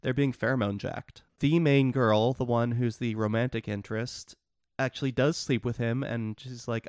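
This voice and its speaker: With a mid-range, slightly mellow voice that is clear and resonant, this man co-hosts a podcast, wryly walking through the plots of little-known films. He speaks at a moderate pace with fairly even intonation, and the studio-quality recording is dry.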